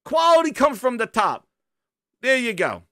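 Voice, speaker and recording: High-pitched, mocking gaming ranter. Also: male voice, huge pitch swings, normal speed, a bit bright, dry recording, studio quality. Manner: profane, mocking, theatrical whooping. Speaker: gaming commentator. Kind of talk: reaction commentary.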